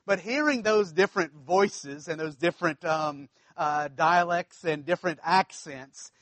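A man's voice: on the high side, unhurried, fairly bright tone, no room sound. A man from South Louisiana with a local accent, preaching a sermon as pastor in a conversational, storytelling way with folksy asides.

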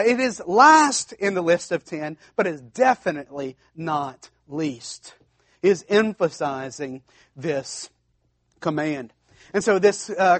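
Recorded dry, with no surrounding room, a male pastor with a notably high voice delivers a sermon. His emphatic style leans on repeating key phrases and frequently starting sentences over.

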